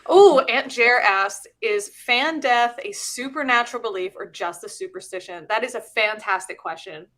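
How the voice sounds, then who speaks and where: A woman's voice: on the high side, moderate pace, a bit bright. Chatty middle-aged woman host. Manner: chatty, laughs while explaining. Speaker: host and teacher. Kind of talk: casual live-stream chat.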